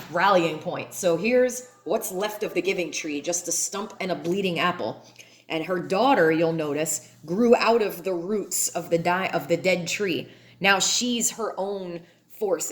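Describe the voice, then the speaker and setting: A woman artist casually walking through her paintings, chatty and candid as she explains each one. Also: lowish voice. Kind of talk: casual walkthrough of artworks. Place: home painting space. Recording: echoey room with faint noise.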